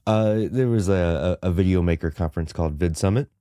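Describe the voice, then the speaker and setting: A man's voice: low-pitched, brisk, warm tone. A man who is a little sick, chatting casually as a podcast co-host and rambling with lots of fillers. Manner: rambling, many fillers and restarts. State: sick with a cough. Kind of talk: casual chat.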